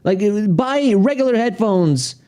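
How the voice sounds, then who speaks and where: A man's voice: high voice, lively intonation, unhurried, dark tone, voice pushed up. A man putting on a sneering online know-it-all. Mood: mocking. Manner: scornful, mocking.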